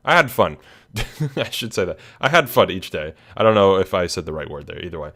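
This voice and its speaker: A man's voice: deep voice, lively intonation, fairly quick, a bit bright. A young man hosting a casual recap of his channel, tired and yawning, rambling with lots of fillers and restarts. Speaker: channel host. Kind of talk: casual screen-share recap.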